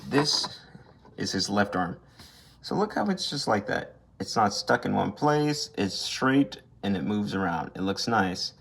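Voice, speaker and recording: Against background noise, a young toy reviewer with a low voice talks through an action figure in a loose, unscripted way. He wanders from point to point, cursing freely and voicing blunt gripes.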